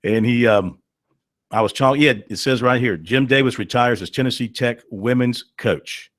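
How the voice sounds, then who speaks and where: A man's voice: mid-range voice, moderate pace, fairly bright tone, dry recording, studio quality. A man hosting a call-in sports radio show, chatting in a folksy, storytelling way with plenty of fillers. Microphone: studio microphone.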